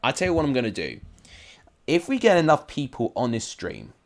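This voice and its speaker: A man's voice: medium pitch, wildly swooping pitch, a little fast. A man giving casual live-stream commentary on simulated football matches, chatty and rambling, with asides to his viewers.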